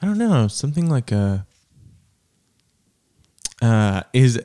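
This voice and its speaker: A man in casual podcast banter, playful and full of jokes. His voice swings up and down with a lively spread of pitch. His pitch sits in a middle range for a man. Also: slow pace. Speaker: podcast co-host. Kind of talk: casual chat.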